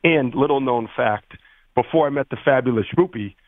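A man's voice: mid-range voice, normal speed, dry recording. A man with a Boston accent calling in to a radio show, joking and effusive over a phone line. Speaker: correspondent calling in. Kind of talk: casual radio banter.

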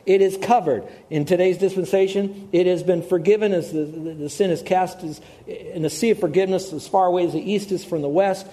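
A middle-aged male pastor delivers a sermon with a mellow, warm tone pitched a touch high. He talks in an animated way, doubling back on key words to drive them home. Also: brisk, few pauses. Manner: animated, repeats words for emphasis. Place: church in Hawaii.

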